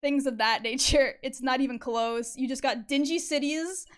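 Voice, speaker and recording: Girl rambling on stream, lots of "like", smooth clear voice. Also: high-pitched, moderate pace. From Canada. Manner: chatty, filler-heavy, swears, laughs often. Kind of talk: casual chat while drawing on stream.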